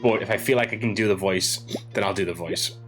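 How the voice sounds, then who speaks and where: A man hosts a game playthrough in a casual, chatty way while he is under the weather. His voice sits deep and low. Game music plays clearly behind him. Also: quick pace, fairly bright tone. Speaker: let's play host. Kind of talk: gaming commentary.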